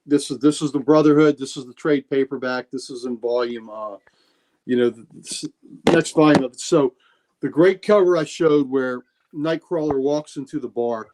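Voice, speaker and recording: A man's voice: medium pitch, moderate pace, a little mellow. A man co-hosting a casual podcast, retelling comic scenes with many restarts and fillers. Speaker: podcast co-host.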